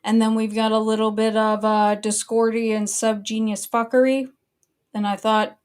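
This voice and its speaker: A woman with a voice on the higher side runs her own commentary stream. She speaks casually and bluntly, and swears freely in a sustained annoyed rant. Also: flat delivery, unhurried, a little mellow, smooth. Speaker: online commentary host.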